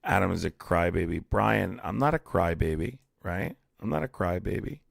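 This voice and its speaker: A man's voice: deep voice, moderate pace, vocal fry, no room sound, clean studio sound. A man streaming a heated debate, blunt and profane, arguing with callers and reading chat aloud.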